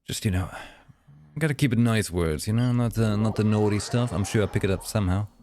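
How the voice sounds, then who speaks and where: A man chatting casually with viewers on a game live stream, lively and playful, slipping into voices for fun. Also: on the low side, fairly quick, a little hiss or hum.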